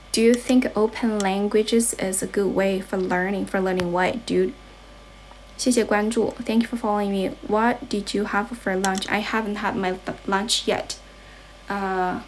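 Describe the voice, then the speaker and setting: A woman's voice: medium pitch, a little hiss or hum. A young woman from China with a Chinese accent, chatting casually on a livestream at her grandmother's home and switching between English and Chinese. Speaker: livestream host and English teacher. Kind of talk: casual bilingual livestream chat.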